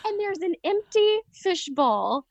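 Female podcast guest, high voice, lively comic storyteller, dry close recording. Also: takes it slowly, no room sound. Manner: animated, laughing storyteller. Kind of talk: casual storytelling.

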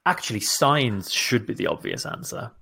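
A man's voice: medium pitch, animated, moderate pace, gravelly, sharp tone, husky. A man co-hosting a podcast in casual chat, upbeat and laughing often. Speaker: podcast co-host.

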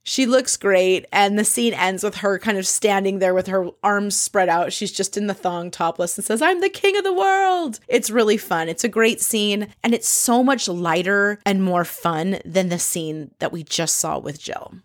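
A young adult woman giving a casual, gossipy recap of a TV episode, now and then acting out quoted lines in a brighter voice. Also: mid-range voice, fairly even intonation, moderate pace, hardly any pauses. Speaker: reality TV recap host.

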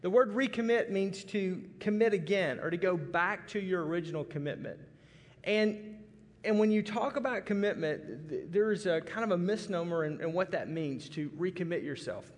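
A man's voice: high-pitched, normal speed. A man from Arkansas preaching a folksy, conversational sermon with many restarts. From Arkansas, USA. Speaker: pastor. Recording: long hall reverb.

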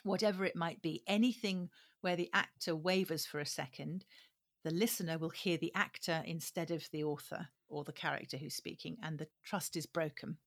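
A woman's voice: deep voice, steady tone, normal speed. A woman who produces audiobooks, answering interview questions thoughtfully, with frequent ums and restarts as she searches for words.

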